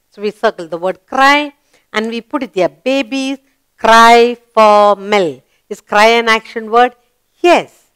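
A woman teaching a children's lesson, spelling out letters and quizzing young learners slowly and deliberately. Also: on the high side, fairly bright tone, smooth, dry recording.

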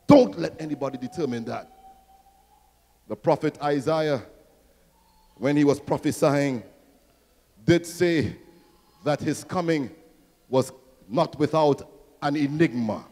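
High-voiced preacher in a big church hall. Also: male voice, slow, pauses often. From Trinidad and Tobago. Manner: rousing preaching, swells to near-shouting, call-and-response questions. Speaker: pastor. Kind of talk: sermon.

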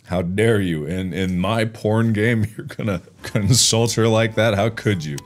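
A man in his thirties hosting a casual gameplay video, joking around and yelling at setbacks. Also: lowish voice, moderate pace. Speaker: gaming video host. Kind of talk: casual let's-play commentary.

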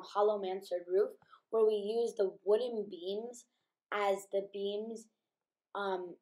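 A woman's voice: mid-range voice, dark tone. A woman talks through a building game as a casual YouTuber. She is chatty and loose, padding her sentences with um and like. She sounds a little sleepy, having just woken up. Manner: chatty, many ums and likes. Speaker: gaming YouTuber.

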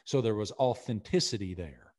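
A middle-aged man with a Southern accent, a guest in a podcast interview, talking in an earnest, energetic way and often repeating himself. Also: lowish voice, moderate pace. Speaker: podcast guest, sports broadcaster. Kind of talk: casual interview talk.

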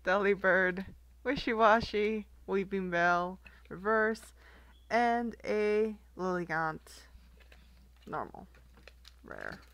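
A woman's voice: medium pitch, animated, takes it slowly, pauses often, fairly bright tone, no echo. A young woman casually chatting as she opens trading card packs, giggling often and reading card names aloud. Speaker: card collector vlogger. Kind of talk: casual unboxing chat.

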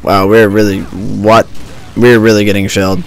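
A man with a fairly low voice talks through his gameplay in a loose, joking, sarcastic way. He records at home on a desk mic wrapped in a makeshift pop filter. Faint game noise sits behind him. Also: level tone, normal speed, gravelly. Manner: joking, sarcastic running commentary. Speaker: gaming channel host. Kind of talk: let's-play commentary. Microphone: home desk mic with a homemade pantyhose pop filter.

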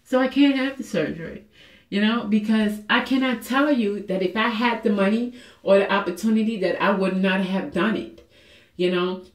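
A woman's voice: mid-range voice, moderate pace. A woman talking candidly and emotionally in a personal fitness vlog, earnest and confessional, with many fillers. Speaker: fitness vlogger. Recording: echoey room.

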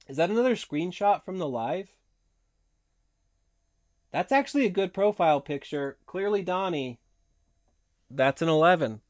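A hoarse man hosting a casual live stream, chatting in a rambling way and laughing often. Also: fairly high pitch, dry recording, clean studio sound. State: hoarse from long talking.

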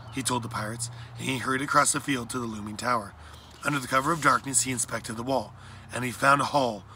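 A man reading a children's adventure story aloud in a plain, steady narration. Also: medium pitch, vocal fry, slight background noise. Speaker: audiobook reader.

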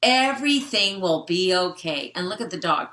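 An older woman reading a picture book to children in a gentle, chatty way, stopping to explain words and talk to the kids. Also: on the low side, lively intonation, normal speed, reverberant, slight background noise. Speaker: storytime reader.

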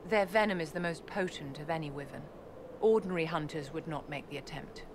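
The voice is an actress playing a video game's court enchanter, a poised and imperious woman whose formal, condescending words sound regal and aloof. She speaks low and fairly quickly over game audio with background noise.

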